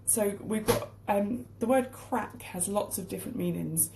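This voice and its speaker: A woman's voice: medium pitch, unhurried, vocal fry, darkish tone, roomy sound, slight background noise. A woman giving a casual English lesson while baking at home, explaining word meanings as she goes. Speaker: English teacher. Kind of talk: casual cooking demonstration lesson. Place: home kitchen.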